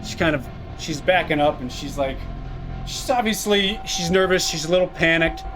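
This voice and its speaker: A man's voice: on the high side, moderate pace, music in the background. A man running a tabletop horror game, describing scenes in a rambling way with frequent restarts. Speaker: game master.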